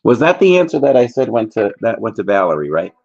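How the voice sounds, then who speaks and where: A man's voice: lowish voice, big pitch swings, fast, a little mellow, dull audio. A man hosting a casual trivia livestream, chatty and jokey, rambling between questions.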